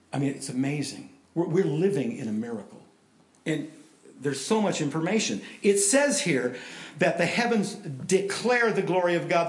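A middle-aged man preaching a sermon in a lively, conversational way, voice rising for emphasis. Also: a little high. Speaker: pastor. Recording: roomy echo.

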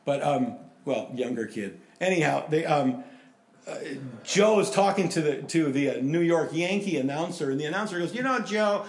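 A man's voice: fairly high pitch, normal speed. Older male preacher, echoey hall. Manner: storytelling, animated with sudden loud emphasis. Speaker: pastor. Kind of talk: sermon.

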